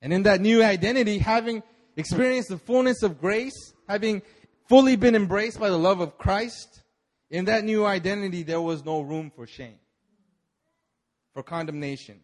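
Man, preacher, church sermon, fairly high voice, animated storytelling, acts out characters. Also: normal speed. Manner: animated storytelling, acting out biblical figures with laughs. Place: church service.

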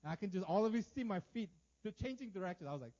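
High-voiced man preaching, animated stammering. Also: racing, lo-fi sound. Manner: animated, swings between loud outbursts and hushed quiet lines; stammers and repeats words often. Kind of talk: storytelling sermon to a congregation.

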